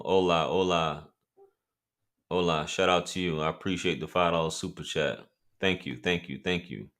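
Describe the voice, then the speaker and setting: A man's voice: deep voice, fairly bright tone. A man hosting a casual livestream, joking and bantering with viewers in loose, slangy talk. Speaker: livestream host.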